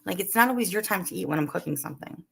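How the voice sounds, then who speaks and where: A woman with a low, gravelly voice that swings widely in pitch, chatting casually with her viewers and her dogs during a cooking livestream. She is still coughing a little. A dog barks now and then over a faint background noise. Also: expressive, very fast. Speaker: livestream host. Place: home kitchen. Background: dogs barking.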